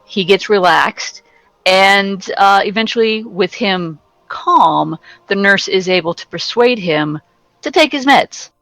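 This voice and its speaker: A woman game master narrating a tabletop session in a relaxed, halting way, full of fillers and restarts. Her voice is of average pitch, recorded dry and close, with faint music underneath. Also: dry recording, poor audio.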